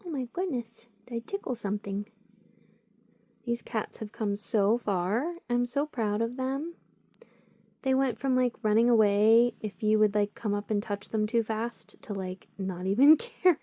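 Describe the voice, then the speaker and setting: A young woman with a slightly high voice chats casually about her books as she carries the camera from room to room. She is bubbly and giggly, with lots of "like" in her talk. The sound is dry, with little room echo. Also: a little mellow. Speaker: book vlogger. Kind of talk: casual chat while walking around the house. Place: at home, moving between rooms.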